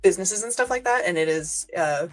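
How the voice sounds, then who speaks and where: A woman from Kentucky chats as a podcast guest, her voice sitting a little low for a woman. She talks loosely, with plenty of "like" and "um" and easy laughter, and faint music plays behind her. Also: animated, a little fast. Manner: chatty, filler-heavy, laughs easily. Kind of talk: casual chat.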